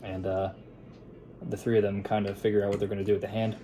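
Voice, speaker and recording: A man's voice: fairly low pitch, flat delivery, quick pace, warm tone, soft background music. A young man at his editing table giving a casual film review and plot recap, rambling with lots of "um"s and acting out quotes. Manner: rambling, with frequent fillers and restarts into quoted voices.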